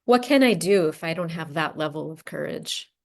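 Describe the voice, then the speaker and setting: Female podcast host, lower-pitched, measured interviewer. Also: lively intonation, vocal fry. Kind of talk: interview questions.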